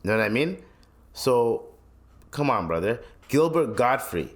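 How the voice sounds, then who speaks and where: Unhurried and sing-song, this medium-pitched man hosts his own podcast with a profane, blunt solo rant. His heated opinions ramble along with slang and frequent sentence restarts.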